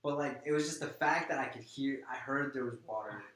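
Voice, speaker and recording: A young man tells a story in an easygoing, slangy way, peppered with swearing and rising excitement. His voice sits at a middle pitch and bounces off the walls of an echoey room. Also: fairly quick. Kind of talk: casual chat. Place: apartment room.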